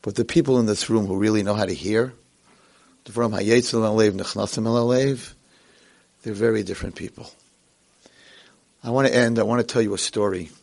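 A man's voice: on the low side, steady tone, brisk, vocal fry, long pauses, a little mellow. A man giving an inspirational speech, telling a story in a dramatic, storytelling manner. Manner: dramatic storyteller who acts out voices. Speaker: inspirational speaker.

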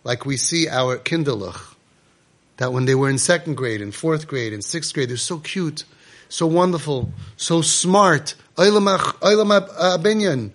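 Man giving a torah talk, emphatic, repeats stuff, slightly high voice. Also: animated, moderate pace, a bit bright. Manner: impassioned, emphatic, repetitive. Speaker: parenting guide and speaker.

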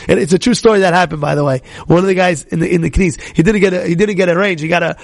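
A middle-aged man, a rabbi, giving an animated Torah talk full of stories, restarts and shouted outbursts. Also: high-pitched, rapid-fire, creaky, hardly any pauses, dry recording, clean studio sound.

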